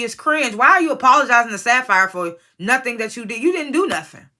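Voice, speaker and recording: This reality TV reviewer speaks on the high side, fairly quickly and expressively, with a bright, forceful tone. Her recap is casual and profane, blunt and opinionated, aimed directly at the cast members under her judgment.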